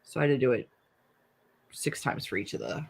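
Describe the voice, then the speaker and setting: A woman's voice: a bass voice, big pitch swings, brisk, gravelly, husky. A young woman hosting a casual writing livestream, chatting and reading viewer comments aloud. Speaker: livestream host.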